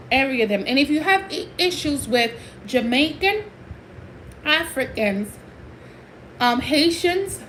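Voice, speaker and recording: A high-voiced woman from Puerto Rico delivers a heated, emphatic livestream rant, dropping into Spanish now and then. A faint hiss of noise sits under her voice. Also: fairly bright tone, low-quality recording. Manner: heated, emphatic, switching between English and Spanish.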